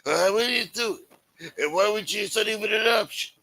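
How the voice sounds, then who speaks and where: A man's voice: a little fast, bright, forceful tone, slight background noise, poor audio. A man doing a rambling, pleading mob elder. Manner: higher-pitched, rambling and wheedling. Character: pleading old-school mob elder, middle-aged man, sentimental.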